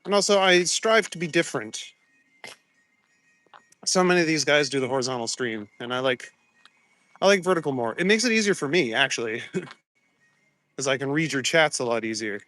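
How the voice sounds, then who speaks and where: A medium-pitched male voice with lively intonation and a moderate pace, a bit bright and pausing often. He's walking outside at night hosting a casual phone-camera live stream, greeting viewers, chatting and laughing easily, with soft music in the background.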